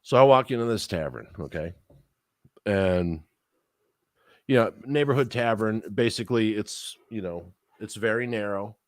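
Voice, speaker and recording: Swearing freely, a podcast co-host with a fairly low voice spins a long story in casual conversation, acting out what other people said with animated energy. His pace is moderate, and the studio-quality audio carries no room sound.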